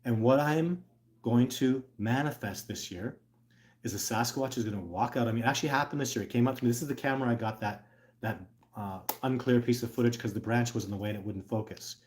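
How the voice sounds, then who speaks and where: A middle-aged man hosts a casual livestream in a mid-range voice, talking a little fast. He speaks earnestly but rambles, with lots of restarts and filler words, and bursts into loud, excited put-on exclamations.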